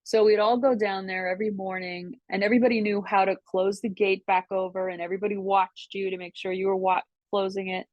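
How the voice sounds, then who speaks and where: An older woman tells casual stories from years past in an animated, chatty way. She laughs easily and slips into other people's voices when she quotes them. Her voice sits at a middling pitch, and the recording is dry and close. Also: fairly quick, few pauses, no echo, muffled recording. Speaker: podcast guest. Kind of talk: casual storytelling. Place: New York City.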